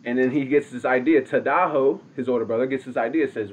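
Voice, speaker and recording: Slangy, animated man telling a story. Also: mid-range voice, fast, few pauses, phone-quality sound, a little hiss or hum. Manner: animated, slangy, addresses listeners directly. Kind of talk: casual oral storytelling.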